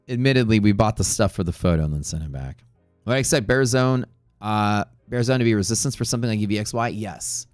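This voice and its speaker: Low voice guy rambling and cussing on his live stream, dry close sound, bit of music behind. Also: fast talker, no echo. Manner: rambling, profane, joking asides. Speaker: livestream trading host. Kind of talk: casual chat on a live stream.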